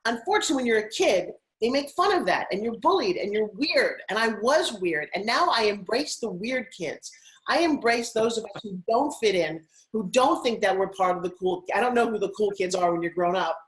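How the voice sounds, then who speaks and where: A woman's voice: medium pitch, lively intonation, a little fast, rough recording. A middle-aged woman from Long Island talks as a guest in an interview. She tells her story with lots of energy and a gushing, effusive manner. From Long Island, New York. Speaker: guest, TV host and fitness spokesperson. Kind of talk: interview conversation.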